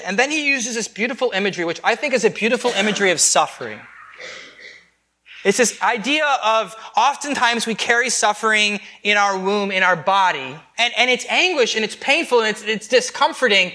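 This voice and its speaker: A man preaching a sermon in a conversational way, with quick restarts and joking asides. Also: high voice, pushed and bright. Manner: conversational, with repeated restarts and self-deprecating asides. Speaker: pastor.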